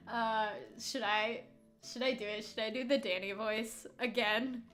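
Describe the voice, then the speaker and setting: High-voiced chatty woman streamer. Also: unhurried, soft background music. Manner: chatty and giggly, trailing off into quiet asides. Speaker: game streamer. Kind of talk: casual let's-play commentary.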